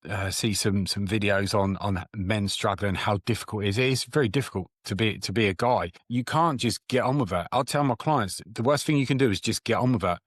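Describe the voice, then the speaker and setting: A man's voice: lowish voice, a little fast, hardly any pauses, dry recording, clean studio sound. A man who works as a therapist, hosting an interview in a blunt, stammering way. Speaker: host, therapist. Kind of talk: casual interview chat.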